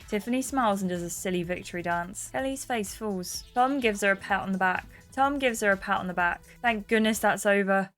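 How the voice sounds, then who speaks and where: A woman's voice: medium pitch, a little fast, hardly any pauses, a bit bright, soft background music. A woman who hosts a gaming channel, reading the narration of a dating game aloud and dropping casual asides. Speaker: gaming YouTuber.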